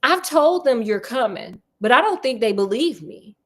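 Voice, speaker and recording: A woman's voice: a little high, big pitch swings, moderate pace. A woman reading aloud, voicing a lonely, desperate young girl who pleads with a ghost. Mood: bitter pleading. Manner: pleading, breathy whisper.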